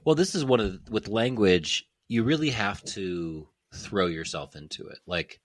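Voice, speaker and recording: A man talking in a casual podcast conversation, animated and playful, slipping into mimicked accents. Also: lowish voice, moderate pace, no echo.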